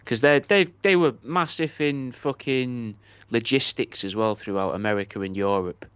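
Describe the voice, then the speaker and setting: A man with a strong Northwest English accent co-hosting a podcast, casually chatting in a deadpan, conspiracy-minded way. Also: mid-range voice, normal speed, clean tone, dry recording. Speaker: podcast co-host. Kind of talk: casual chat. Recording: dull lo-fi sound.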